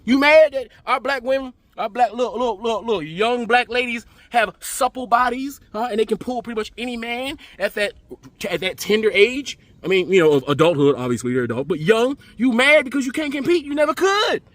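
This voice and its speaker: A male commentary host rants in an emphatic, profane, preachy way, his voice pitched high and bright. The sound is dry and close, with no room around it. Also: animated, fairly quick, no echo. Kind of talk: ranting reaction commentary.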